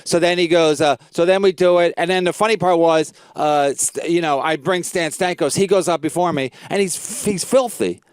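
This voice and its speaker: A comedian hosting his podcast, telling a rambling story full of swearing. His voice sits high and comes out smooth and resonant. The sound is close and dry. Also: moderate pace, few pauses, no room sound. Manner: profane, rambling, repeats "I go". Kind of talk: casual storytelling chat.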